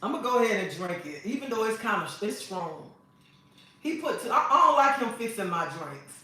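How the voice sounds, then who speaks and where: A woman's voice: a little high, very animated, moderate pace, pushed and bright. A woman host chatting casually on a livestream, sassy and preachy, calling her viewers honey. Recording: echoey room, mic at a distance.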